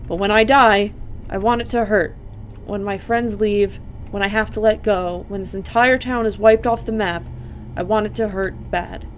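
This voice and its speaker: A woman voicing a brooding young female cat in a game, slow and hushed delivery, mid-pitched voice, faint hiss behind. She sounds tired and wry. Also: fairly even intonation, lightly acted.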